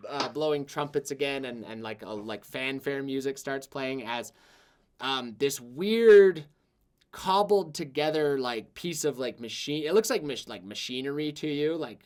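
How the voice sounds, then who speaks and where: A man's voice: mid-range voice, a little slow. A man narrating as game master of a tabletop game, with a mid-range voice and a rambling, loose delivery. He piles up filler words as he describes the scene.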